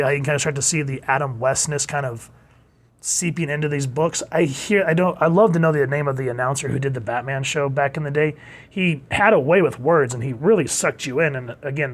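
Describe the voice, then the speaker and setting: A man with a slightly higher-than-usual voice chats through a comic book review. He is enthusiastic and loose, sometimes slipping into playful voices as he reads lines aloud. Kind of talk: casual review monologue.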